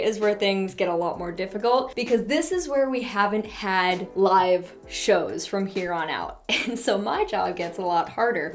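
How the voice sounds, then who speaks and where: A woman hosting her own channel, chatting excitedly and rambling as she ranks songs, often gushing and squealing. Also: a little high. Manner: gushing, rambling, quick mood swings into squeals. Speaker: reaction channel host. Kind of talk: excited casual chat ranking songs.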